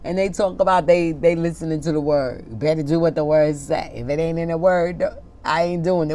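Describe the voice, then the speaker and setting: A woman with a low voice preaches an informal sermon. She lingers over each word when she reads scripture, then turns impassioned and pointed, arguing with the people she is preaching to. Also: steady tone. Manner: impassioned, talks back to an imagined congregation, laughs at herself; reads scripture slowly and deliberately.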